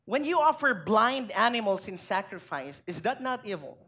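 A woman's voice: mid-range voice, sing-song, moderate pace, a bit bright. A woman with a Filipino accent preaching a sermon, acting out little scenes and asking the congregation questions. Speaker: pastor.

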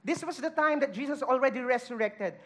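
Female preacher, high voice, earnest sermon delivery with scripture readings. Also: a little fast, a bit bright. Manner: earnest, emphatic, reads scripture aloud.

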